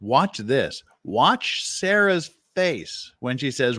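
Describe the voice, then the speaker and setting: A man giving profane, excitable reaction commentary who repeats himself as he talks. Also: mid-range voice, a little slow, hardly any pauses, no echo.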